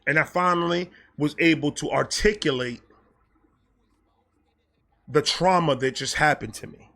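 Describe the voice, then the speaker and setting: A man from New York with a New York accent telling a personal story in an animated, profane way, jumping between loud bursts and low muttered asides. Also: unhurried, gravelly. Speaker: storyteller host.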